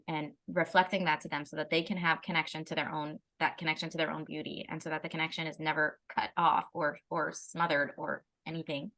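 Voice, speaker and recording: A woman's voice: sits low, pushed and bright. A woman, a parenting educator, in a casual conversation, talking animatedly with frequent restarts and laughs.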